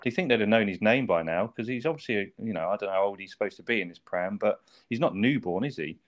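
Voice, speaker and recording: Man, quick casual chat, lowish voice, swears and laughs. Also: animated. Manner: chatty, swears, laughs often, asks tag questions. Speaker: podcast co-host.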